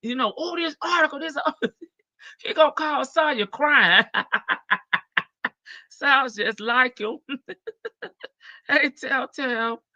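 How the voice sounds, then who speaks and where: A slow-talking woman hosts a casual livestream, chatting in slang, laughing easily and calling out to viewers by name. Her voice sits a little high and sounds bright and sharp. The stream audio is dry and dull, a bit lo-fi. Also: no echo. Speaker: livestream host. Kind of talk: casual livestream chat reading viewer comments.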